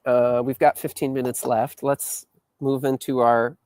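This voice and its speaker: A man hosting a casual weekly talk stream, with a voice of ordinary middle pitch. His sound is dry and close, with no room around it. He guides the talk in a measured, slightly professorial manner. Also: little pitch movement, a little mellow, no echo. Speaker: host. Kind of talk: casual political chat.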